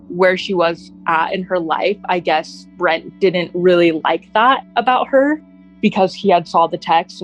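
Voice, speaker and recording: A woman candidly recalling events as an interviewee on a podcast. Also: on the low side. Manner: candid, plainly spoken recollection. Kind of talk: personal account, podcast interview. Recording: dull lo-fi recording with faint music. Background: faint music.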